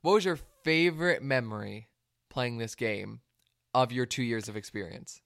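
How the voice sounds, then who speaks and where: Young male host, inquisitive and casual, mid-pitched voice, dry close mic. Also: vocal fry, a bit bright, no room sound. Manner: curious, quick bursts with fillers. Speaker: podcast host. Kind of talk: casual interview chat.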